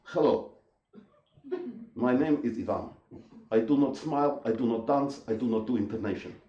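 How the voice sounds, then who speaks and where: A man putting on the voice of a stiff, unsmiling male student who speaks in a flat monotone. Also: medium pitch, moderate pace, echoey room, recorded from a distance, dull audio, voice pushed down, lightly acted. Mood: deadpan.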